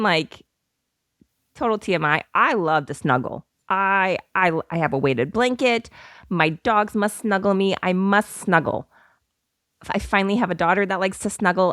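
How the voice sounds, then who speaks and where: A woman's voice: fairly low pitch, no echo, studio quality. A woman in her thirties, a podcast co-host, chatting casually in a bubbly, giggly, rambling way. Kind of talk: casual chat.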